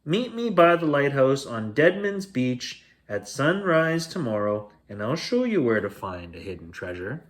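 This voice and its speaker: A man voicing a calm, knowing female mermaid who speaks matter-of-factly. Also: mid-range voice, a little slow, hardly any pauses. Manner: matter-of-fact.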